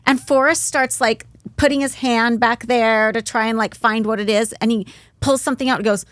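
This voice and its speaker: A woman in her thirties co-hosting a podcast, telling a story in a lively, casual way with lots of fillers. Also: fairly high pitch, moderate pace, no echo. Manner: animated storyteller, many "like" fillers. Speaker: podcast co-host.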